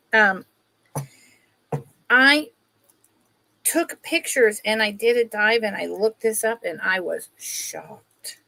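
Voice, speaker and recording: A woman's voice: medium pitch, gravelly, a bit bright. A woman hosting a casual live-stream sale, chatting with viewers by name while she shows pieces. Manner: chatty, greets viewers by name, talks while handling items.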